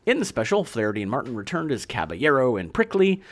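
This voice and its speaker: A man's voice: medium pitch, wildly swooping pitch, fast talker. A man hosting a podcast, reading history notes aloud in a casual chat and laughing easily. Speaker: podcast host.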